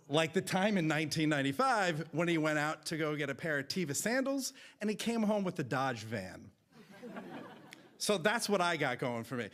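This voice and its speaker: A man in his thirties from New Jersey, telling a personal story with comic timing and big jumps in pitch. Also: very animated, normal speed, fairly bright tone.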